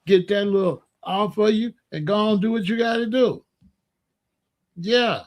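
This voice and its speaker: This online host speaks slowly in a high-pitched voice, pausing often. He chats with his listeners in playful slang, tossing out loose, joking advice on relationships.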